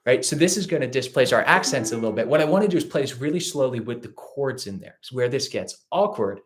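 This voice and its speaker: A man's voice: mid-range voice, lively intonation, quick pace, hardly any pauses, noisy background. A man teaching a ukulele lesson, patiently counting beats and calling out strum directions. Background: ukulele playing.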